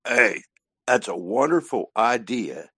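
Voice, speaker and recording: A man calling in to a talk show with a joking, unhurried comment. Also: medium pitch, sing-song, fairly bright tone, breathy edge, dry recording, clean studio sound. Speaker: caller. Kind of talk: call-in comment.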